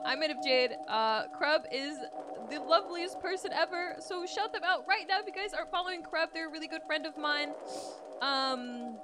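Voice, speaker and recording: A woman streaming a horror game live, excitable and swearing, yelping when scared. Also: extremely high pitch, noisy background. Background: game music.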